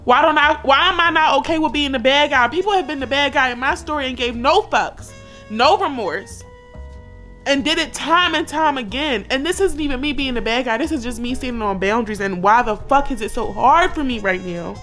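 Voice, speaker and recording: A woman's voice: high-pitched, a little fast, pushed and bright, soft background music. A woman in her thirties talking candidly and emotionally in a personal vlog, blunt and swearing often. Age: 30s. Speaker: vlogger.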